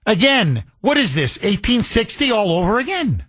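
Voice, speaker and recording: Man, talk radio host, indignant monologue, sarcastic, lively swooping pitch. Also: moderate pace. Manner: sarcastic, indignant, rhetorical questions; emphatic with repetition.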